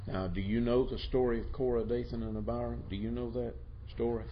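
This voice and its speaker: A man teaching a Bible class, talking haltingly with many repeated words and putting questions to his students. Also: medium pitch, flat delivery, muffled recording, slight background noise. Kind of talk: classroom lecture.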